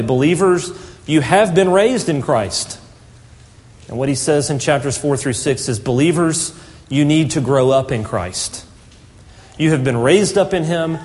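A man preaching a sermon as a pastor, earnest and emphatic, slowing down to stress key phrases. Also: mid-range voice, a little mellow, long reverb tail.

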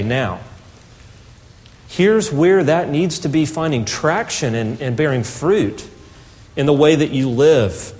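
A man preaching a sermon as a pastor, earnest and emphatic, slowing down to stress key phrases. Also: medium pitch, a little mellow, big-room sound.

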